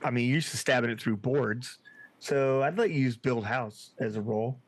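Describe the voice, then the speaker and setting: A man running a tabletop horror game online as game master, laid-back and quick to laugh. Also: mid-range voice, no room sound. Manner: laid-back, laughs often, says dude.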